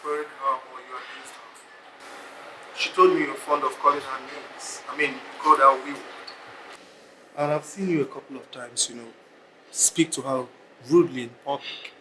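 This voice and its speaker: A man's voice: medium pitch, steady tone, moderate pace, pauses often, background noise, lightly acted. An actor with a Nigerian accent playing a friend who firmly reasons with and lectures a hot-tempered man. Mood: reasoning. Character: level-headed male friend scolding a hot-tempered man. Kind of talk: film drama acting.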